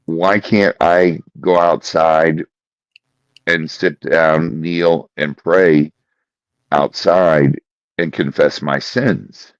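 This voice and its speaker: A man co-hosting a podcast, telling a story in a slow, deliberate way. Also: very deep voice, steady tone, no room sound. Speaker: podcast co-host. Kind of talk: casual chat. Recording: dry, dull lo-fi sound.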